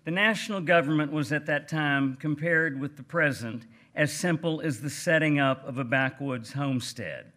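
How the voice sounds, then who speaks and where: A man voicing a cranky, plainspoken older Texas gentleman writer with a Texan accent, reading aloud with a dry, folksy manner. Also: a little high, normal speed, hardly any pauses. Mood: wry. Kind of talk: reading aloud at a book event.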